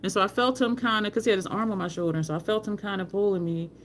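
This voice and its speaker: A woman's voice: mid-range voice, racing. A woman hosting a casual livestream at home, telling rambling stories, answering viewer comments and talking to the chat as "y'all". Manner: rambling storyteller, addresses chat as y'all, frequent laughs. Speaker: livestream host. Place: home, by an open balcony window. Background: faint street traffic.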